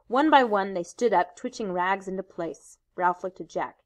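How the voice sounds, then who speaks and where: A woman teacher reading a novel aloud in a steady, measured narrating voice. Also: mid-range voice.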